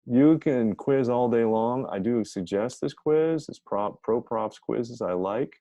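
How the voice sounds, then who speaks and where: A man teaching a casual grammar lesson, talking in a chatty, energetic way and thinking aloud as he goes. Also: mid-range voice, slow pace, dry recording, rough recording.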